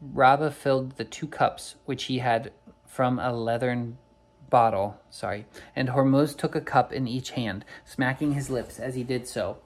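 Guy reading a folk tale out loud, bit rough, corrects himself. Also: mid-range voice, steady tone, measured pace. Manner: unpolished reading with slips and self-corrections. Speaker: storyteller. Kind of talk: storybook read-aloud.

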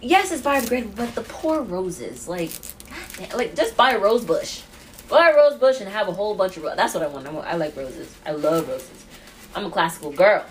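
A woman's voice: mid-range voice, lively intonation, brisk, a little hiss or hum. A young woman and mom rambling in a casual podcast monologue, jittery from too much coffee and laughing often. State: over-caffeinated jitters.

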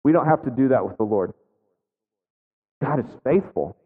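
A man in his thirties preaching a sermon in a relaxed, conversational way, often checking in with "right?" as he tells a family story. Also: medium pitch, moderate pace, husky. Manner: conversational, frequent "right?" asides. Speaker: pastor. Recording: phone-like audio with long hall reverb.

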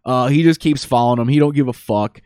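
A man's voice: mid-range voice, fast talker, a little mellow, clear, resonant tone, no echo, studio quality. A man in casual chat, retelling a movie plot in a loose, rambling way with frequent swearing. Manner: profane, rambling storytelling.

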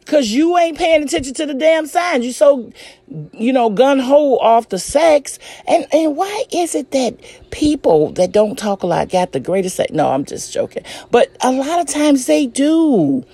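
A woman's voice: high-pitched, sing-song, a little slow, dry recording. A woman talking casually and bluntly about relationships, cursing and laughing often and addressing her listeners directly. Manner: addresses listeners as ladies and gentlemen. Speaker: relationship advice host. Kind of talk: casual advice monologue.

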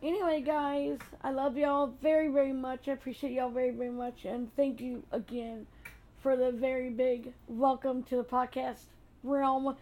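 A woman hosting her own podcast, chatting in a gushing, excitable way. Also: high-pitched, normal speed, poor audio. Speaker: podcast host. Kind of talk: casual podcast chat.

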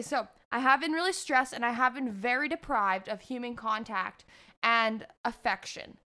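A woman's voice: fairly high pitch, fairly bright tone, dry recording, studio quality. Frank, foul-mouthed young woman. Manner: frank and profane, laughing often. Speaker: vlogger. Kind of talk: candid confessional storytelling.

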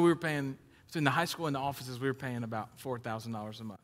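A man's voice: fast talker, slight background noise. Man preaching with a hall echo. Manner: conversational preaching, swings from loud emphatic to low storytelling. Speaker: pastor. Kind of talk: sermon. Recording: long hall reverb.

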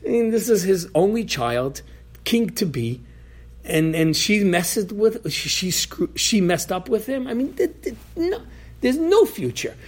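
A man's voice: sits high, big pitch swings, a little slow, slightly rough. A man giving an informal Torah class, talking animatedly, acting out voices from the story, and often restarting his sentences. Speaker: Torah teacher.

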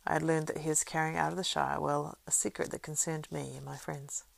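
A woman reading the part of a weathered male ranger, measured, wry and grave. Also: deep voice, little pitch movement, creaky, heavily acted.

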